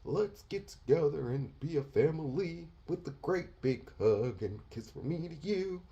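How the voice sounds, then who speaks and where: A man putting on an overly sweet, affectionate preacher's voice, in drawn-out mockery. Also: on the high side, lively intonation, mellow, lo-fi sound, pitched above the performer's own voice. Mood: syrupy mockery. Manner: mocking, drawn-out and syrupy. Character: soft-spoken sugary male preacher, overly affectionate.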